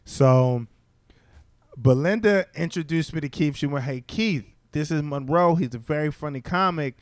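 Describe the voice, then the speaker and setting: A comedian tells stories, his voice sitting a little high for a man as he acts out the people he quotes. The sound is close and dry, with no room echo. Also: moderate pace. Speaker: stand-up comedian guest. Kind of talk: casual storytelling chat. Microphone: studio mic.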